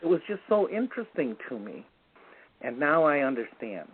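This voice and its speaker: A man telling a personal story in an unhurried, conversational way, often restarting his sentences. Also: a little high, big pitch swings, breathy edge. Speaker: guest recalling a medicine man. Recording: tinny phone line.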